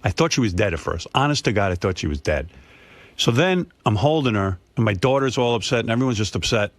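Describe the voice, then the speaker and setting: A man's voice: fairly low pitch, expressive, fast talker, no room sound. A man hosting a radio show, telling a personal story emphatically, often repeating himself for effect. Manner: emphatic, repetitive, dramatic storytelling. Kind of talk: casual talk radio storytelling. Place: radio studio.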